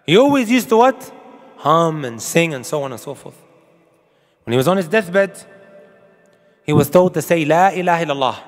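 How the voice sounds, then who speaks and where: A man's voice: fairly high pitch, animated, moderate pace, long pauses, big-room sound, faint music behind. A man preaching a sermon to an audience, emphatic and full of rhetorical questions, with Arabic quotations. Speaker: Islamic preacher.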